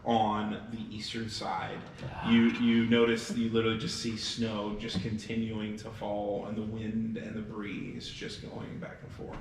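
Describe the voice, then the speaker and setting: A man narrating as game master of a tabletop game, in a relaxed, descriptive way. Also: on the low side, unhurried, slight background noise. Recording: roomy, distant mic, music behind.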